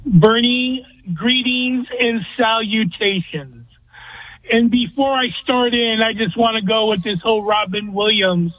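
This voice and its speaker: A man's voice: high voice, measured pace, dry recording. A man calling in to a sports radio show, blunt and opinionated. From California. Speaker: caller. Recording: tinny phone line.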